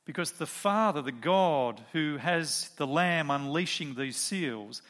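Bright-voiced man preaching a sermon. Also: a little high, animated, slow pace. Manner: storytelling with rhetorical questions.

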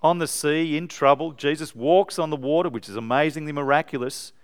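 A man preaching an animated, emphatic sermon to a live congregation in a church. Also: a little high, a little fast, clear, resonant tone.

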